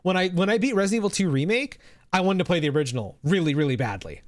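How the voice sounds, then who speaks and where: A male streamer talks off the cuff to his chat, rambling and dropping the odd swear word. His voice sits a little high for a man. The sound is dry and close, with no room in it. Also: expressive, rapid-fire, no echo. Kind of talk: casual live-stream reaction chat.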